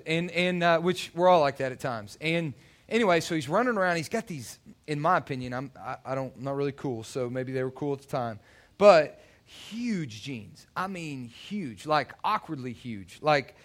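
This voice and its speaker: Guy preaching, kinda higher voice, chatty, lots of restarts and stories. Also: expressive, normal speed. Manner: conversational, with many restarts and acted quotes. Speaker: youth pastor. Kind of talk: sermon with personal stories.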